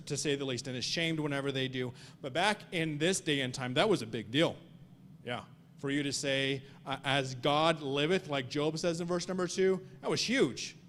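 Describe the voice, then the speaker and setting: A man's voice: fairly high pitch, a bit bright, slight background noise. A man teaching a Sunday school Bible study in an earnest way, often repeating and restarting words and reading scripture aloud. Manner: reads scripture aloud in old-fashioned wording.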